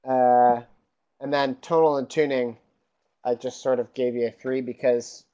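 A man's voice: medium pitch, level tone, measured pace, warm tone, clear, resonant tone, lo-fi sound. A man giving matter-of-fact spoken feedback as a judge in casual chat, dry and hesitant with frequent ums. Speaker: judge scoring bagpipe submissions.

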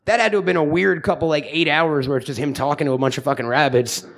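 A man's voice: a little high, fairly even intonation, fast, gravelly, fairly bright tone. A man hosting a comedy podcast, rambling and joking crudely with plenty of fillers. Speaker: podcast host. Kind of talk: casual comedic banter.

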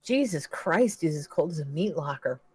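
A man's voice: fairly high pitch, lively intonation, moderate pace, husky, no echo. A man reading as a brash state trooper. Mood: blustering. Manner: blustering.

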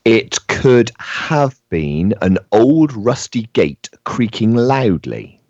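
A man with a lowish voice co-hosts a kids' show, calm and measured. He talks slowly with a lot of movement in his pitch. The sound is dry and dull. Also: no room sound. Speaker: children's show co-host. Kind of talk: educational chat for children.

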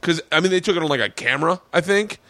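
A man's voice: on the high side, fast, no room sound. A man hosting a podcast, telling a long story with lots of swearing and acted-out quotes. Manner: animated, profane storyteller acting out quotes. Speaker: podcast host. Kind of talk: casual storytelling chat.

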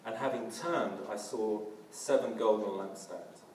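A man's voice: fairly low pitch, a little slow, darkish tone, a little hiss or hum. A man preaching a sermon earnestly, often restarting and using fillers. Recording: roomy, from a distance.

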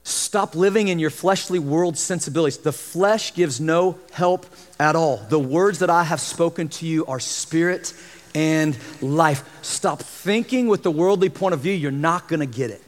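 A man preaching a sermon as pastor, lively, acting out the voices of the people he describes. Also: on the high side, a little slow. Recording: long hall reverb.

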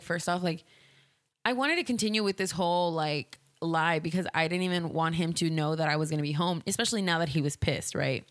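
A woman's voice: on the low side, no room sound. Candid rambling podcast host, woman. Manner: candid, rambling, heavy use of "like". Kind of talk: casual solo podcast storytelling.

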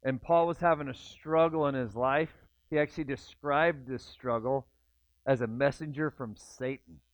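In a thin, phone-like, dry recording, a pastor with a mid-range voice preaches at a moderate pace. His sermon feels conversational as he plays out the inner voices of the people listening.

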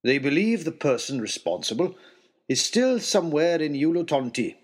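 A man voicing a gentle, hearty host with a stern edge, in a storybook reading. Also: a little high, very animated, normal speed, voice pushed up. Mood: kindly.

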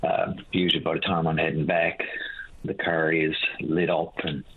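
A man's voice: extremely low pitch, flat delivery, normal speed, slight background noise. A man calling a radio show, talking casually and hesitantly about a touchy local situation. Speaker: caller. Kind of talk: phone-in call. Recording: tinny phone line.

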